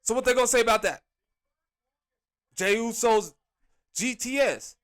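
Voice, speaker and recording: A man hosting a podcast, reviewing a wrestling show in an animated, exasperated rant full of slang. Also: very high-pitched, unhurried, clear, resonant tone. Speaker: podcast host.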